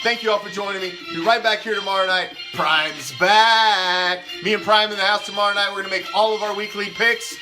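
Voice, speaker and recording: A man's voice: sits high, steady tone, a little fast, few pauses, music in the background. A man hosting a fan show, ranting in a heated, profane, rambling way. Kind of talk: casual ranting commentary.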